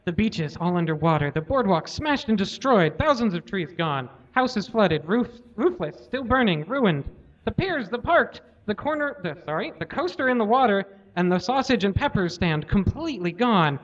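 Casting: male comedy host, deadpan live reader, high voice, lo-fi audio. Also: moderate pace. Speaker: comedy podcast host reading aloud. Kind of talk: live reading of fan fiction. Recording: lo-fi live recording.

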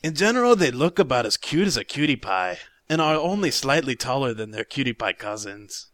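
Lively-voiced man reading with crude jokes. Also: medium pitch, fairly quick, no room sound. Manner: reads aloud with crude asides, breaking into laughter. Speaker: podcast co-host reading entries aloud. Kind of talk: comedic podcast banter.

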